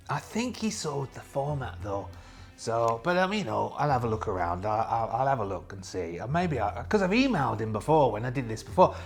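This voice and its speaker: A chatty man talks through a solo tabletop game, wandering off on jokes and asides. His voice is gravelly and lively, rising and falling a lot. Light music sits softly underneath. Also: medium pitch. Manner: chatty, rambling, jokey. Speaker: solo game player and host. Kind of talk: casual tabletop game play narration.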